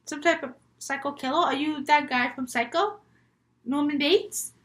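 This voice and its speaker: A woman's voice: moderate pace, fairly bright tone. A woman putting on a giddy, squealing teenage girl. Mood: bubbly. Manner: high, gushing and squealy.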